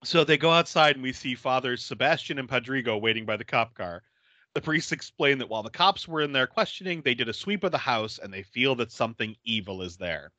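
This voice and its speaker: Animated laughing man recapping a movie. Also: medium pitch, brisk, dry recording. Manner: animated, laughs often, acts out characters' lines. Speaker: podcast host recapping a film. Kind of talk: casual movie recap chat.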